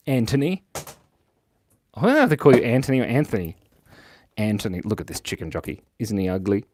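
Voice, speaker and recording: A playful man talks through a live drawing stream, with a voice that rises and falls a lot as he jokes along with viewers. He laughs often and teases himself. The sound is close and dry, with no room echo. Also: medium pitch. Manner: playful, joking and self-mocking; laughs often while talking. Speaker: livestream host drawing for viewers. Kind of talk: casual live chat reading viewer comments.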